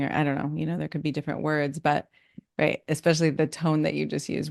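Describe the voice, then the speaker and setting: A woman's voice: low voice, level tone, fast, vocal fry, a little mellow, no room sound, studio quality. A woman hosting a podcast, affirming her guest and reflecting thoughtfully on what he says. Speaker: podcast host, love coach. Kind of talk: casual interview chat.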